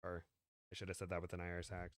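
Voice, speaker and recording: A man's voice: low-pitched, monotone, racing, no room sound, clean studio sound. A man co-hosting a casual chat stream, reading aloud and making playful jokey asides. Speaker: podcast co-host.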